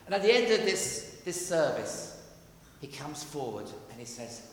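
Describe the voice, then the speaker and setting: A man, a vicar giving a conversational, animated sermon with jokey asides in a church. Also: on the high side, measured pace, a little hiss or hum. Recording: echoey church hall, faint ambience.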